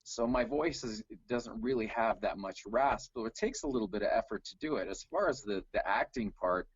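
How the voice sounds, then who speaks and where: A middle-aged man from Canada answering interview questions in a relaxed, storytelling way with plenty of fillers. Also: lowish voice, fairly quick, husky, dry recording, dull audio. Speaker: guest, tribute singer. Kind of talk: casual video call interview.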